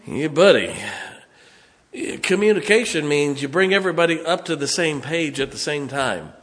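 Folksy preacher man, fairly high voice. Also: lively intonation, moderate pace, fairly bright tone, in a large hall. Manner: folksy, conversational preaching with anecdotes. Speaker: pastor. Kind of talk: sermon. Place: church sanctuary.

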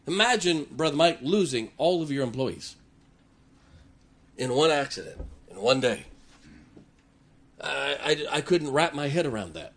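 A man's voice: a little high, expressive, measured pace, long pauses, fairly bright tone. A man preaching a sermon, emphatic and repetitive, his voice rising and falling for effect. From West Virginia. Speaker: pastor.

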